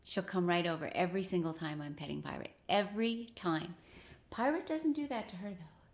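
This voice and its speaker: Indoors at home, a woman records a casual cat-sitting vlog and talks briskly to a kitten in a sugary, high baby-talk voice.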